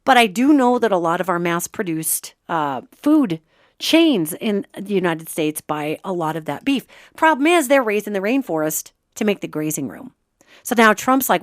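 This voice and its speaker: This is a clean studio recording of a Montana woman hosting a podcast, speaking at a moderate pace in a medium pitch with no room sound. She offers relaxed spiritual commentary in a lively, talkative way, acting out the remarks she quotes.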